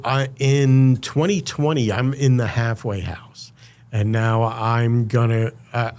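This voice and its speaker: A man speaking as a podcast guest, telling his story in a casual, animated way, acting out what others said and using lots of fillers. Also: fairly low pitch. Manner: animated, acts out quoted voices, many fillers.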